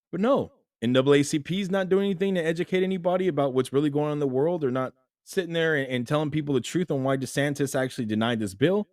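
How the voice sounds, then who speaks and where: A young man hosting a solo opinion commentary, talking animatedly and jumping to emphatic highs as he acts out imagined people. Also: quick pace, a little mellow, no room sound, studio quality. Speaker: host.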